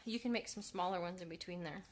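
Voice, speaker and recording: A woman's voice: lowish voice, fast, a loud crowd. A woman hosting a casual craft live stream, chatting and reading out viewer comments.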